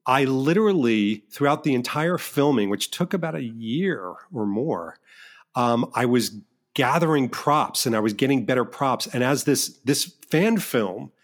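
A middle-aged man talks as a guest in a relaxed interview. He tells behind-the-scenes stories in an animated, self-mocking way. He often stumbles and restarts mid-sentence. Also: medium pitch, measured pace. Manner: animated, self-deprecating storyteller with frequent restarts. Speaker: filmmaker guest. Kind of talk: casual interview chat.

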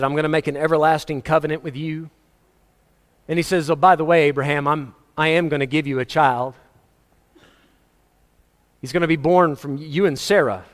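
A male pastor with a slightly high voice delivers a conversational sermon, slipping into acted quotes and small chuckles. His words ring out with a long reverb, as in a church sanctuary.

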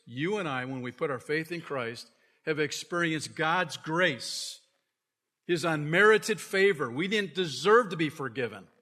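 A pastor preaching a sermon, moving between quiet asides and loud, fervent scripture reading. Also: male voice, on the high side. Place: church sanctuary.

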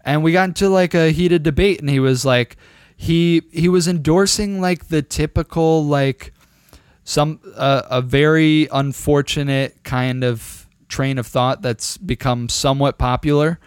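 A young man on a casual podcast, rambling through a story with lots of swearing and quoted dialogue. His voice is smooth and resonant, and the sound is dry and close, with no room around it. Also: on the high side, measured pace, no room sound. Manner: rambling, profane, animated storyteller. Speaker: podcast co-host.

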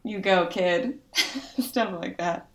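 A woman's voice: mid-range voice, extremely slow, a bit bright, echoey room. A woman playing in a tabletop game, hesitant and giggly as she describes things. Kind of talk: casual tabletop game chat.

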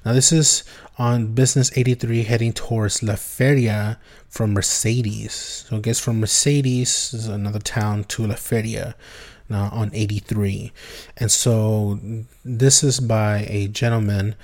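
A man's voice: fairly low pitch, steady tone, unhurried, a little mellow. Rambling man telling a story. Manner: rambling, full of fillers and restarts. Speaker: podcast host. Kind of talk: casual storytelling.

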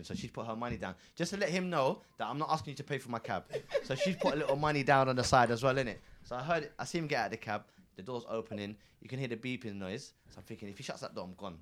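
A man's voice: mid-range voice, quick pace. A man, a cab driver and podcast co-host, telling a story in casual slangy chat and acting out the people in it. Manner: animated, laughing, slangy, acts out voices.

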